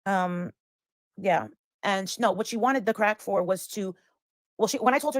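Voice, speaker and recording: A woman's voice: medium pitch, normal speed, long pauses, no room sound. A woman telling a story in casual chat, rambling and acting out the lines of the people in it. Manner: rambling, acts out quoted lines. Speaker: guest storyteller.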